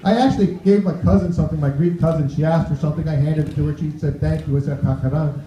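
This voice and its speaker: Guy doing a standup set, kinda high voice, dull muffled club recording. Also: fast talker, dark tone, echoey room. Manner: chatty, tossing asides to the crowd. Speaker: stand-up comedian. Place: club stage.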